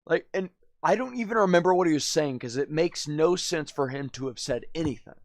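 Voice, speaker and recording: A man's voice: on the high side, fairly quick, no room sound. A man live streaming, telling a story in a rambling, slangy way, constantly saying "dude" and "man". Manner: laughs often, drifts loud then quiet.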